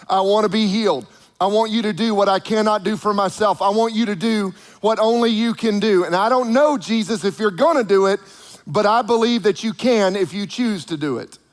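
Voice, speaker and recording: A man's voice: high-pitched, normal speed, natural voice. A man voicing an earnest blind man pleading.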